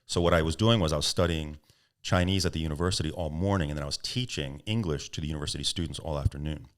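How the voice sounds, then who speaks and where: A man's voice: a bass voice, fast. A middle-aged man, a podcast guest, telling long stories in an interview and acting out the people in them. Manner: animated anecdotes, acts out quoted voices, laughs. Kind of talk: storytelling interview answers.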